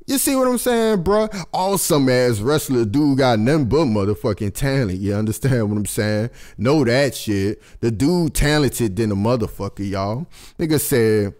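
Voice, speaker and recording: A fired-up young man talking straight to his viewers in a loose, profane vlog rant. His voice sits mid-range but shoots up high whenever he hits a point hard. He keeps checking in with his audience as he goes. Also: normal speed. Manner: animated, swears constantly, jumps high in pitch for emphasis. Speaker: vlogger host. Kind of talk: casual profane commentary to camera.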